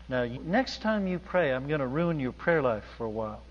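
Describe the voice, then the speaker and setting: A man preaching a sermon in an emphatic, deliberate manner in a large church hall. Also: mid-range voice, big pitch swings. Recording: dull audio with long hall reverb.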